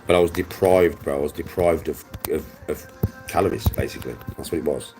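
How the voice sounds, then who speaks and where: A man's voice: a bass voice, steady tone, fairly quick, darkish tone, echoey room, soft background music. A young man with a Birmingham accent, casually chatting with his livestream viewers and answering them by name in a laid-back, slangy way. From Birmingham, England. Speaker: livestreamer reading chat.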